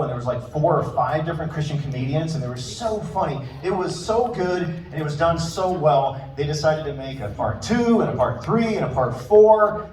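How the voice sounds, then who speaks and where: A stand-up comedian in his fifties warms up a live crowd in a hall, delivering self-deprecating stories and performing the voices he quotes. His pitch is fairly high and his tone a little mellow. The hall echoes, the mic sounds distant, and laughter and room ambience add slight background noise.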